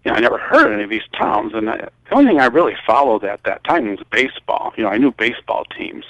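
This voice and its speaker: An older man from Michigan recounting a personal story in a halting, rambling way, full of restarts. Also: mid-range voice, big pitch swings, fairly bright tone, no room sound, rough recording. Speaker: guest.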